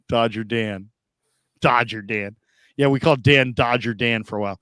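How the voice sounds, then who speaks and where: A man's voice: mid-range voice, moderate pace, fairly bright tone, clear, resonant tone, no echo, studio quality. A man hosting a casual show, telling stories, laughing often and reading viewer comments aloud. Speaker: host.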